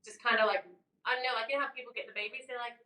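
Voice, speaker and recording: A woman co-hosting a podcast tells an eerie story in a bright, forceful voice. She shifts between loud bursts and hushed asides. She sounds a little distant from the mic in a roomy space. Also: fairly high pitch, fairly even intonation, rapid-fire. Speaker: podcast co-host. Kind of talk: casual chat, telling a ghost story.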